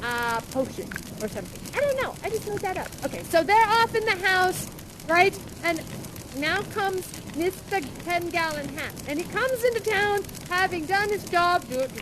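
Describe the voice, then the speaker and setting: A woman's voice: very high voice, expressive, normal speed, background noise. A woman improvising a playful, theatrical story for friends in a virtual game. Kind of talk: improvised puppet-show storytelling.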